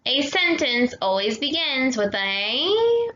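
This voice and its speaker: A young woman teaching children grammar in a patient, slow teacher voice, slipping in Spanish words and asking "okay?" again and again. Her voice is fairly high and bright, and it sounds dull and roomy, with a strong echo. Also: big pitch swings. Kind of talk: recorded grammar lesson for kids. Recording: echoey dull room sound.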